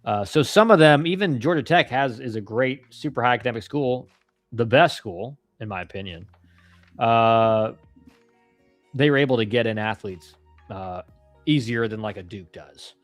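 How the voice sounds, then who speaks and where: A laid-back man chatting on his live stream, with a mid-range voice that is neither high nor low. His delivery rambles with slang and restarts. The sound is dry and close, with faint music underneath. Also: animated, normal speed, no room sound. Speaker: live-stream host, former college ballplayer. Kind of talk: casual live-stream chat answering viewer questions.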